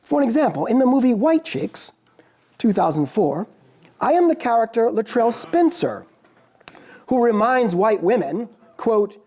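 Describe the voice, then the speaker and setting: A man, a philosophy professor, giving a formal lecture in a measured, deliberate way with dramatic pauses. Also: high voice, very animated, mellow. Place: lecture hall.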